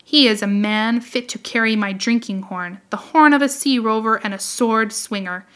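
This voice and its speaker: A boisterous Viking warrior toasting a new friend in big, declamatory phrases, as a woman reading the tale gives him voice. The delivery is hearty and a touch slowed for weight, in a bright, clear tone. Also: fairly high pitch, natural voice.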